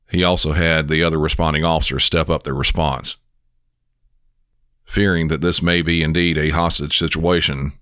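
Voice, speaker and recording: A man hosting a podcast, a dispatcher narrating a case in a measured, serious way. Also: a bass voice, fairly bright tone, no room sound, clean studio sound. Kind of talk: scripted narration.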